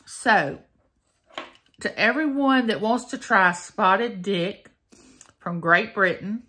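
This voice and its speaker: A woman's voice: mid-range voice, slow, pushed and bright, husky. A woman, chatting folksily to her viewers in a casual taste-test vlog. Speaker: vlogger.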